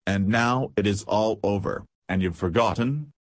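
A man voicing a proud, beautiful young society woman who speaks low and quickly in a pleading way in a storybook reading. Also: dry recording, studio quality, lightly acted.

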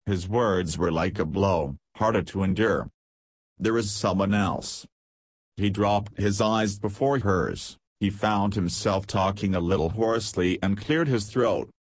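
A man narrating an audiobook in a steady, measured reading. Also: on the low side, slightly rough, no room sound.

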